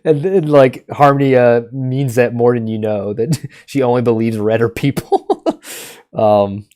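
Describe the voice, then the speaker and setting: A man's voice: mid-range voice, fairly even intonation, a little slow, a little mellow, no echo, clean studio sound. A man casually retelling a book scene on a group podcast, laughing often and swearing as he goes. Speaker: podcast co-host.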